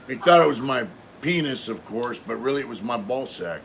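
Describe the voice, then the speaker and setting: A man's voice: medium pitch, animated, normal speed, gravelly, a bit bright, slightly rough. A middle-aged man hosting a live stream, telling a long story casually with lots of fillers and swearing. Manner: rambling, profane, many fillers.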